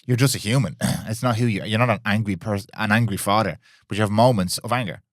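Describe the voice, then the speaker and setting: A man's voice: lowish voice, fast talker, no echo, clean studio sound. A man with an Irish accent co-hosting a casual podcast, thoughtful and reflective. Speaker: podcast co-host.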